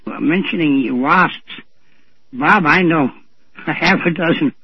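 Chatty older-sounding guy on the radio, kinda husky, dry muffled sound. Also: a little high, no room sound. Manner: chatty storyteller, chuckling. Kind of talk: casual radio talk.

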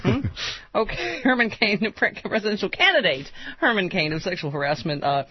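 A man's voice: high-pitched, a little fast, over a noisy crowd. A man hosting a comedy radio show, teasing his co-hosts and laughing often in casual banter. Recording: dull lo-fi radio audio.

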